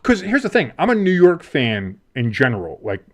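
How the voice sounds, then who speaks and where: A man's voice: on the high side, wildly swooping pitch, normal speed. A man co-hosting a casual sports podcast, rambling and swearing freely with lots of fillers. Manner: profane, rambling, heavy fillers. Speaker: podcast co-host.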